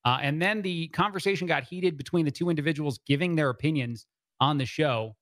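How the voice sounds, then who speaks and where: A male fill-in radio host thinks aloud on air, circling back on himself with fillers and restarts. His voice sits slightly high for a man. The studio sound is dry and close. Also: a little fast, fairly bright tone, no echo. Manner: rambling, frequent "uh" fillers and restarts. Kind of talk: talk radio commentary.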